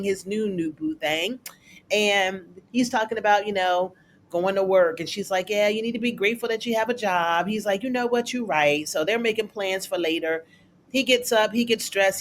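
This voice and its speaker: A TV recap reviewer who chats casually through an episode. They talk in a loose, colloquial way and jump up in pitch when acting out the characters' lines. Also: a bit bright, slight background noise. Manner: chatty, colloquial, acts out characters' lines in a raised voice.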